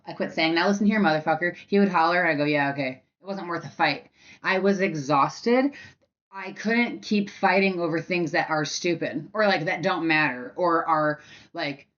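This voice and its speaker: A woman's voice: deep voice, highs cut off. Candid young woman telling her story. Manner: candid and conversational, full of fillers, acts out past arguments with loud bursts. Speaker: podcast host. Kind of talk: personal storytelling monologue.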